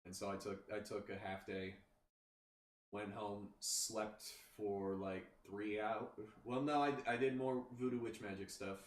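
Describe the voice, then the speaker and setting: A man's voice: fairly low pitch, fairly even intonation, measured pace. A man chatting casually as a podcast host, telling a rambling story full of restarts and "you know". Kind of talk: casual chat. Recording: roomy, distant mic, faint background noise.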